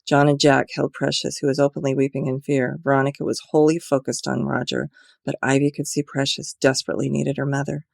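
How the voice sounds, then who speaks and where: A woman's voice: rumbling low, flat delivery, a little fast, gravelly, no room sound, clean studio sound. A woman author reading her own mystery novel aloud in an earnest, amateur way.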